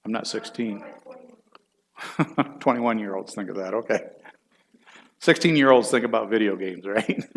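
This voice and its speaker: A man's voice: medium pitch, a bit bright. A middle-aged man, a church elder, teaching a Bible class in a folksy, chatty way and putting questions to the class.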